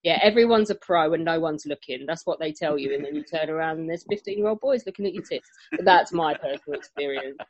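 A woman hosting a group chat, lively and teasing, often laughing. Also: sits low, fast talker, lo-fi sound. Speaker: host. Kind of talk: casual chat.

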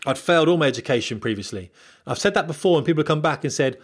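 A man's voice: on the high side, expressive, very fast. A man speaking to viewers in a candid, rambling monologue with fillers and restarts, giving career advice as a former military pilot.

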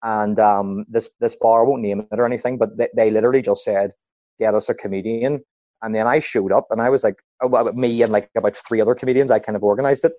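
A man's voice: lowish voice, fast talker, no echo, lo-fi sound. A man, a stand-up comedian, telling stories in casual chat and acting out what people said. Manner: animated anecdotes with acted-out quotes.

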